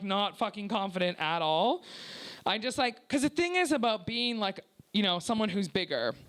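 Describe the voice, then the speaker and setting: A woman's voice: medium pitch, fairly bright tone. Profane, confessional woman doing stand-up. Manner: profane, confessional, lots of "like" fillers; acts out quoted people in shifted voices. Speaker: stand-up comedian. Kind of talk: stand-up set.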